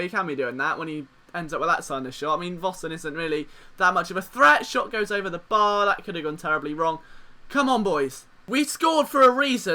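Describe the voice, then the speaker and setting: Young lad, let's-play commentator: very high, very bright, excitable and jokey, faint game music underneath. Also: male voice. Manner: excitable, jokey, swings from despair to cheering. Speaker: gaming commentator.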